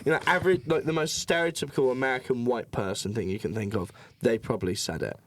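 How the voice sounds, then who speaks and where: A man's voice: medium pitch, quick pace. A young man telling a story in casual, sweary podcast chat and acting out other people's voices. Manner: animated, swearing, acts out voices. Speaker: podcast co-host.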